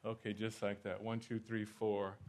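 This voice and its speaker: A man preaching and answering questions in a church Q&A, animated and rising loud at points of emphasis. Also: on the low side, moderate pace. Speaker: pastor. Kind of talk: sermon Q&A.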